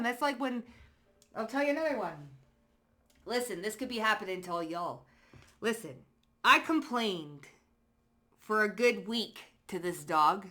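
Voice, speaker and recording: A woman's voice: medium pitch, a little slow, long pauses. A woman doing a casual pick-a-card tarot reading, chatty and slangy, cursing freely and laughing as she talks straight to her viewers. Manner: lively storytelling with frequent laughs. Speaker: psychic tarot card reader.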